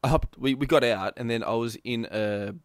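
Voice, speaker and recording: A male podcast co-host, telling an animated story in casual chat and acting out quotes. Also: medium pitch, normal speed, no room sound, clean studio sound. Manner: animated storytelling, acts out quotes, laughs often.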